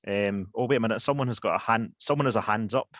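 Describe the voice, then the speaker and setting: A man hosting an online question session, halting and apologetic with many fillers. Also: on the low side, a bit bright, no room sound. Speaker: event host. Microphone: video call.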